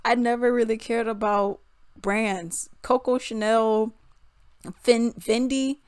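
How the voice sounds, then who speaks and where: A woman's voice: fairly high pitch, steady tone, slow, a little mellow, clear, resonant tone, no room sound, studio quality. A young adult woman vlogger telling a casual story to her viewers, chatty and laughing often. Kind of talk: casual storytime and reaction commentary.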